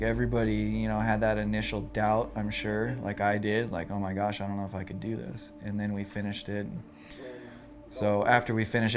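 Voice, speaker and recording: A man casually recounting a hard training experience, loose and relaxed, full of fillers as he talks. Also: fairly low pitch. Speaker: interviewee recalling a training event. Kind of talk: casual storytelling. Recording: music playing under the voice.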